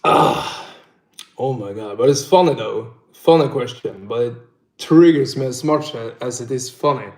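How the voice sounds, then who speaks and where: A man's voice: mid-range voice, unhurried, a little mellow. A young man from northern Sweden with a Swedish accent, chatting casually on a livestream, swearing a lot and laughing often. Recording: roomy echo.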